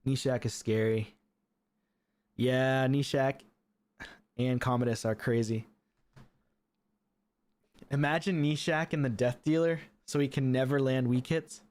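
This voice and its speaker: A man commentating his own live game stream, chatty and excitable, laughing often and talking to his viewers. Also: mid-range voice, a little slow, long pauses.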